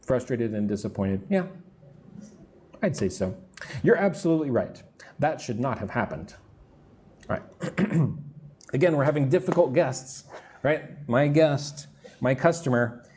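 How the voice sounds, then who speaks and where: A man teaching a live English lesson, who explains words slowly and checks in with the class, with construction noise near his room. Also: medium pitch, mellow. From lives in Vietnam.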